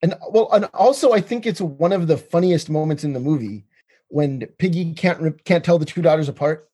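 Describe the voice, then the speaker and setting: A man's voice: a little high, fairly quick, dark tone, a little hiss or hum. A man co-hosting an interview who gushes enthusiastically about funny moments. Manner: enthusiastic, laughing, gushing. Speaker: podcast co-host. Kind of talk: casual interview chat.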